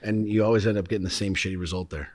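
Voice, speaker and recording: A man's voice: lowish voice, fairly even intonation, racing, no echo. A middle-aged man talking bluntly and with plenty of swearing in a casual podcast conversation. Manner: blunt and profane, acts out heated quotes. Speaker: podcast guest.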